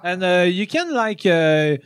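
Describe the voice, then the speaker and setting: Quebec-accented man, halting and laughing. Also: high voice, big pitch swings, smooth, dry recording, studio quality. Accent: Quebec French. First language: French. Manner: halting, laughs often, many hesitations. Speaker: podcast host. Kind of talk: casual chat.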